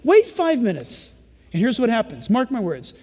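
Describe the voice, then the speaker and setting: A male pastor preaching a sermon in an animated style, acting out parents and children as he goes. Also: extremely high pitch, normal speed, slightly rough, in a large hall.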